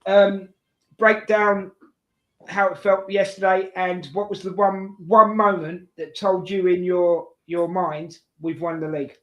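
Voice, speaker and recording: An interviewer heard in an echoey room, with a voice at middle pitch. The host speaks in short, encouraging replies and prompting questions during a casual chat. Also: level tone, measured pace, a bit bright, muffled recording.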